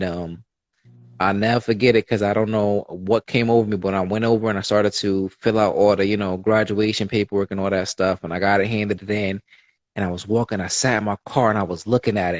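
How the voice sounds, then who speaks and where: A man's voice: lowish voice, steady tone, fairly quick, no echo. A man talking as a podcast guest in casual conversation, sharing personal stories in an earnest, open way with many fillers.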